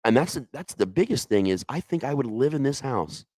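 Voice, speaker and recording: A man's voice: medium pitch, big pitch swings, fairly quick, dark tone, no room sound. A middle-aged man telling a personal ghost story in a casual, emotional way, with frequent restarts and asides.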